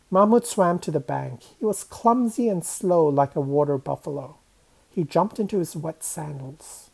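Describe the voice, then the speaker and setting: A woman reading a children's story aloud, expressive and changing her voice for each character. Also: low voice, normal speed, creaky, breathy edge, poor audio.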